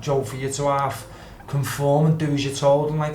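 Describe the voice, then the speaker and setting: A man's voice: medium pitch, level tone, normal speed, darkish tone, a little hiss or hum. A man, a podcast guest telling a rambling, swearing story. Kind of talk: casual storytelling. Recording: echoey room, faint ambience.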